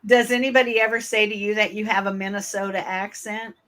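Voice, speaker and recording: A woman's voice: mid-range voice, steady tone, a little fast, a bit bright. A woman from Michigan with a northern US accent, hosting a podcast interview in a friendly, chatty way with fillers. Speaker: podcast host. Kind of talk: casual interview.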